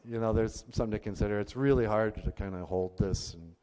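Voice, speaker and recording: A man's voice: lowish voice, fast, warm tone, in a large hall. A man, a puppeteer and comedian, chatting and rambling while he introduces his puppets on stage. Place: on stage in an arts venue.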